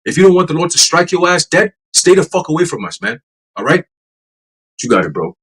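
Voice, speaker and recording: Guy preaching on a podcast, cussing a lot, kinda high voice, keeps saying man. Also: sing-song, brisk, fairly bright tone, breathy edge, poor audio. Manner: profane, emphatic, repetitive. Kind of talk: casual religious preaching.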